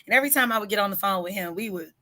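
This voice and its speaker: Bright, tense-edged woman singer-songwriter as guest, candid and emphatic storyteller, leans on key words. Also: medium pitch. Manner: earnest and emphatic, drawn-out words for stress; candid about hard personal struggles. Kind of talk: personal storytelling in an interview.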